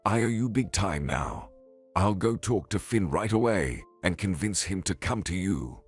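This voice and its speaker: A man's voice: deep voice, lively intonation, measured pace, husky, faint music behind, exaggerated voice. A man reading the lines of an earnest, protective woman who pleads and scolds. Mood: pleading.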